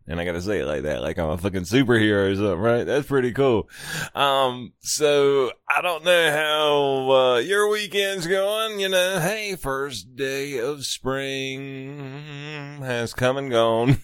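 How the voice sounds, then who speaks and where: A man's voice: medium pitch, unhurried, fairly bright tone, clear, resonant tone, no echo, clean studio sound. A man hosting a casual radio show, rambling and chuckling, with casual swearing as he tells a story. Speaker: radio host.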